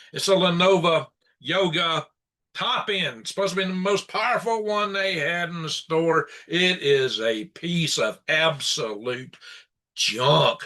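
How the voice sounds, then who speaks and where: A man's voice: a little high, pushed and bright. A man hosting his own live-stream show, chatting casually in an aggravated, rambling rant broken up by chuckles. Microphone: computer setup for live broadcast.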